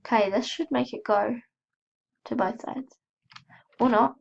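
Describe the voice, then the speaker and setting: A woman's voice: a little high, measured pace, gravelly, highs cut off. A woman with a cold giving chatty, self-mocking commentary as she plays, gasping and squealing when startled. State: has a cold. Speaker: gaming channel host. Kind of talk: casual gameplay commentary.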